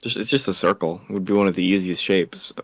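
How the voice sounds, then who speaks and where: A man's voice: low-pitched, steady tone, fast talker, dry recording. A man trading laid-back, goofy banter on a live stream. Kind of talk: casual live-stream chat.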